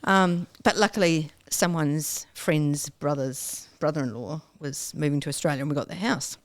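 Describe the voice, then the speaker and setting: A woman, a guest telling her story in a casual interview, animated and acting out her own past self with sudden squeals and whispers. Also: low-pitched, normal speed, no room sound.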